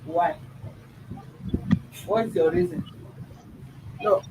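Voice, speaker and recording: Firm high-voiced man mediating. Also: slow pace, noisy background. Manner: firm, probing, repeats questions. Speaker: mediator host. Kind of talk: questioning a child in a family dispute.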